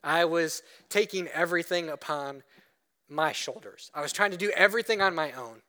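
A man's voice: on the high side, normal speed, bright, forceful tone. A man preaching a sermon as pastor in a church, talking conversationally and telling a personal story with acted-out quotes.

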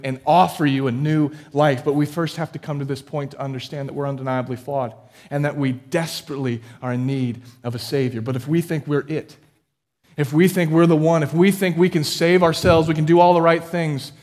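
Man, pastor, sermon, higher-pitched voice, emphatic swells and quiet drops, direct questions to listeners. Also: moderate pace. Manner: emphatic, building to loud peaks then dropping low.

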